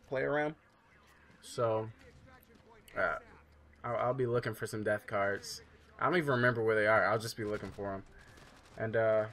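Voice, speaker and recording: A man's voice: mid-range voice, fairly bright tone. Rambling, joking male game commentator. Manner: rambling, joking, loose with fillers. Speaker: gameplay commentator. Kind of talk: casual let's-play commentary.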